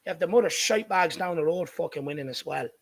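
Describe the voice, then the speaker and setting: During a live match watchalong, an Irish man hosting a fan channel fumes and curses at his team's defense. His voice is on the high side and he talks fast.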